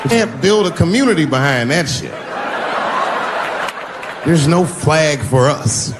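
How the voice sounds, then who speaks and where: A man's voice: on the high side, animated, unhurried, noisy background. Middle-aged male stand-up comic telling a story. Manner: storytelling, acts out both sides of phone calls, swearing freely. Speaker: stand-up comedian. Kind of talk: stand-up comedy set. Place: comedy stage with live audience laughing.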